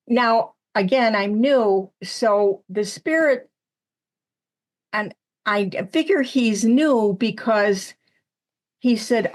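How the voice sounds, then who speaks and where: A woman's voice: mid-range voice, takes it slowly, long pauses. An older woman, a spiritual medium, telling stories chattily in a casual interview, acting out what people said. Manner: chatty, animated storyteller who acts out quotes. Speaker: guest medium.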